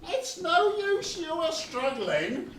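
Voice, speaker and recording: A woman acting a dim, gloating pirate henchman in a pantomime, with a slow drawl. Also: extremely high pitch, very animated, exaggerated voice. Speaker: amateur stage actor. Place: community stage hall. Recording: echoey hall from far off, noisy.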